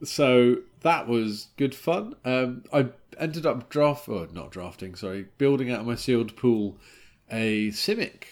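A man, co-hosting a podcast in casual chat, talking quickly and laughing often. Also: mid-range voice, darkish tone. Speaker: podcast co-host.

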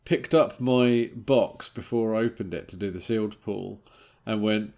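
A man, co-hosting a podcast in casual chat, talking quickly and laughing often. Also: lowish voice, lively intonation, vocal fry, darkish tone. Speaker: podcast co-host.

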